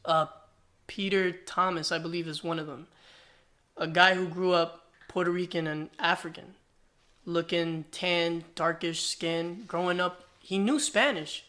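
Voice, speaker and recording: A man, a rapper guest, telling stories in a casual podcast chat, acting out the exchanges he describes. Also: high-pitched. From New Jersey, US. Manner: animated storytelling, acts out quoted exchanges.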